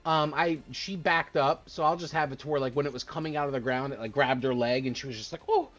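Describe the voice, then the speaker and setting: A man's voice: medium pitch, steady tone, quick pace, a bit bright, dull audio. A man narrating as dungeon master on a live-streamed tabletop game, casual and rambling with fillers.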